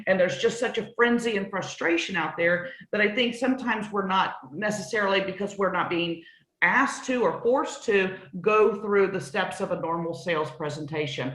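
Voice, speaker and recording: A woman's voice: mid-range voice, normal speed, a bit bright. Earnest woman sales coach in an echoey room. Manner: earnest, emphatic, repeats points for stress. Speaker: new home sales trainer. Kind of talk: conversational sales coaching talk. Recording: roomy echoey sound.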